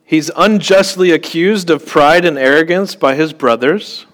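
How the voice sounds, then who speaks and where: A man's voice: a little high, a little slow, a bit bright. A man preaching a sermon in a conversational way, with joking asides and frequent check-ins with his listeners.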